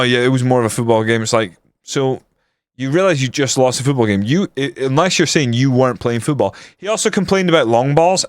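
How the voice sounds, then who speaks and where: A man live-streaming a football management game, swearing often and reacting loudly to the match as he chats with viewers. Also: mid-range voice, dry recording.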